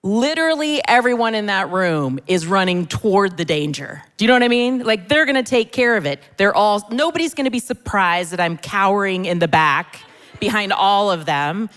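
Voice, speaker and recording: A woman's voice: mid-range voice, lively intonation, a bit bright. Middle-aged woman doing stand-up in a hall. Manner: self-deprecating, conversational, pausing for audience laughs. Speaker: comedian. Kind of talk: stand-up comedy. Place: church hall on stage. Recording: long hall reverb.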